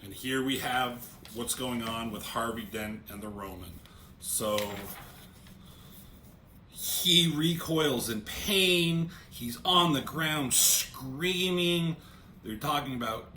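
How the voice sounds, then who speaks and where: Speaking slowly in a sharp, mid-range voice, this man gives a casual comic book review, going page by page and reading the panel text out loud. He tends to repeat words when beginning a thought. Faint ambient noise and a roomy echo fill the recording.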